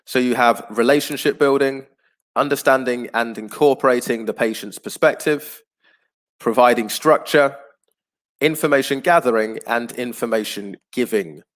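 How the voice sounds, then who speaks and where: A man teaching an online class, explaining patiently and clearly, with frequent ums and uhs. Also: mid-range voice, moderate pace.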